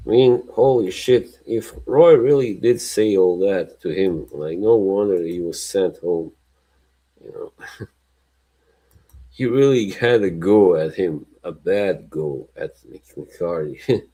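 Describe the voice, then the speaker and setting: A man's voice: low voice, slow pace, mellow, rough recording. A man hosting a livestream in casual chat, rambling and laughing often between remarks. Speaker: livestream host.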